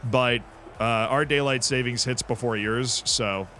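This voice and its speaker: A man's voice: medium pitch, steady tone, unhurried, pushed and bright, a little hiss or hum. A man streaming a football management game, chatting casually, reacting to the match and answering his chat. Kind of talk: live gameplay commentary.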